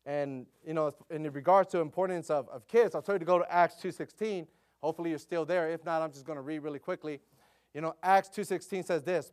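A middle-aged male preacher delivers a relaxed, story-driven sermon, speaking at a slightly higher pitch than most men. His talk is full of "you know" fillers, and he grows louder and more animated whenever he gets excited. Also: fairly quick.

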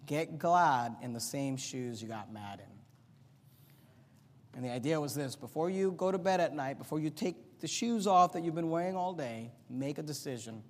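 A middle-aged man preaching a sermon as pastor, swinging from loud, emphatic points to quiet, low asides. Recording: long hall reverb.

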